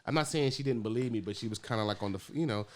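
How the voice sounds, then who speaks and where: A man co-hosting a podcast, talking sports in casual chat, animated and swearing freely. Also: mid-range voice, rapid-fire. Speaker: podcast co-host.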